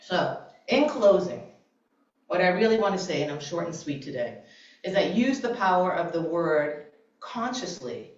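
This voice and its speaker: Woman guest speaker, lively talk to a congregation, low-ish voice, distant and muffled in a roomy church. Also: a little hiss or hum. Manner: animated, laughs often, conversational. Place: church sanctuary. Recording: very echoey, distant, dull church recording.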